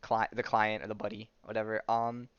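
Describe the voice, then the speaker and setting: Man, podcast host, casual rambling recap, smooth clear voice, slightly dull lo-fi recording. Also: on the low side, level tone, a little fast, a bit bright, no echo. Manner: rambling, filler-heavy storytelling. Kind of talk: casual comic-book recap.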